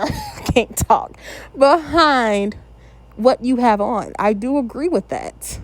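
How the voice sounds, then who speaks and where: A woman's voice: a little high, animated, slow pace, no room sound. Chatty woman in her thirties hosting. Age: 30s. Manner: chatty, candid, opinionated asides. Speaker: reaction channel host. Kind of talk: casual reaction commentary.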